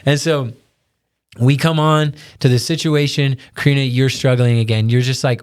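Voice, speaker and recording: A man's voice: mid-range voice, steady tone, normal speed, clean tone. A man co-hosting a casual chat, earnestly retelling a family story and quoting his own thoughts. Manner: earnest, retelling with quoted self-talk. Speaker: podcast co-host.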